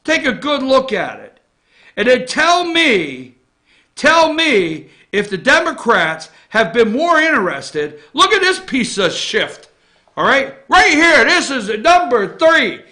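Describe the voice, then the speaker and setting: A man hosting a morning opinion show, ranting about politics and swinging between loud outraged shouts and low muttered asides. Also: sing-song, slow pace.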